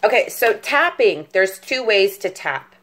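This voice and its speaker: A woman's voice: medium pitch, very animated, a little slow, a bit bright. A middle-aged woman patiently teaching a tapping technique step by step, often checking in with the listener. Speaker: tapping instructor. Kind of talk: step-by-step demonstration lesson.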